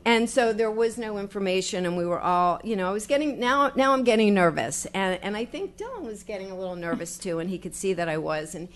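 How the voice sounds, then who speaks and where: A woman's voice: medium pitch, animated. Older woman giving a heartfelt acceptance speech. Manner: heartfelt, halting, grateful, with fillers and restarts. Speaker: newly elected official giving acceptance speech. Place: public meeting hall with audience.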